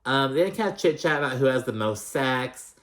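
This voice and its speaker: A man's voice: medium pitch, animated, normal speed, fairly bright tone. A man casually recapping a reality show, chatty, sassy and profane, with many filler words. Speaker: recap vlogger.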